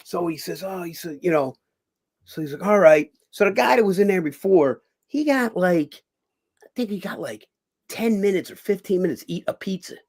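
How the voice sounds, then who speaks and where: Man, middle-aged, gravelly, animated storyteller, swears often. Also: high voice, normal speed. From Philadelphia. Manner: animated, swears a lot, acts out quoted voices. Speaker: guest. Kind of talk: casual storytelling.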